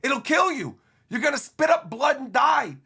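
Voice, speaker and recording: A man doing a frantic, high-voiced pirate crewman. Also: big pitch swings, normal speed, gravelly, bright, forceful tone, heavily acted. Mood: pleading. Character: panicked young male pirate crewman.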